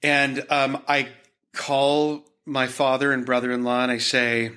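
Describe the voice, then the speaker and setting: A man's voice: medium pitch, flat delivery, measured pace, bright, forceful tone. A man from Utah, a gallery owner, guest on a podcast, telling his story in a rambling way full of fillers and restarts. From Utah, United States. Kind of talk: conversational storytelling.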